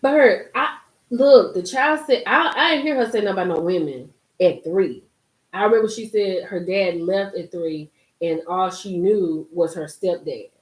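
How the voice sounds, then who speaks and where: A woman hosting a casual live-stream commentary, emphatic and animated, reading and reacting to viewer comments. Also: lowish voice, moderate pace. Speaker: YouTube commentary host. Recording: roomy echo.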